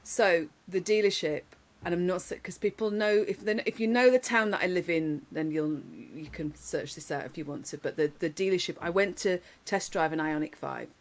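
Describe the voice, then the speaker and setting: A woman, telling lively anecdotes in casual podcast chat, laughing often. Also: fairly low pitch, fairly quick, hardly any pauses. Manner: animated storyteller, laughs often, many restarts. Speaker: podcast guest.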